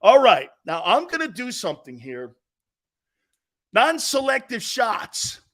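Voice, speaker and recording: A middle-aged man with an East Coast American accent, hosting a sports talk show in brash, loud, joking banter. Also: sits high, wildly swooping pitch, normal speed. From Northeastern United States. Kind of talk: casual live show banter.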